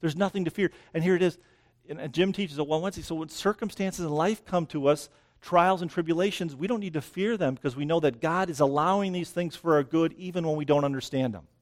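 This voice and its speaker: A fast-talking man with a fairly high pitch preaches outdoors beside dense greenery. Slightly out of breath, he keeps his sermon conversational, repeatedly asking the listeners "right?".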